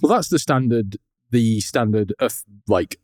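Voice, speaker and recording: A man's voice: lowish voice, unhurried, a little mellow, dry recording. Guy rambling on a podcast, dry close sound. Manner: chatty, goes off on tangents, mimics lines. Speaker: podcast co-host. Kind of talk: casual chat.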